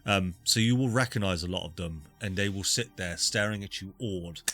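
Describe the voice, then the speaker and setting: A man running a tabletop game, his voice bright and forward. He describes scenes in loose, meandering sentences full of fillers. The delivery is relaxed and improvised. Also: sits low, normal speed. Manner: loose, rambling narration with fillers. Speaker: game master.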